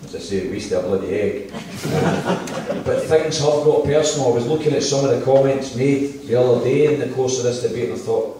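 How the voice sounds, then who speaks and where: In a town hall, a middle-aged Scottish man gives an impassioned campaign speech full of stories, jokes and asides. His mid-range voice is warm and moves at a normal speed, and the recording is echoey and distant, with a slight hiss or hum.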